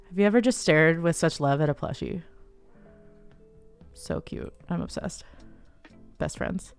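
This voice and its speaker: A woman hosting a casual livestream, chatty and giggly, breaking into high excited squeals. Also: moderate pace, gravelly, no room sound. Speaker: livestream host. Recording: dry close sound, faint music behind.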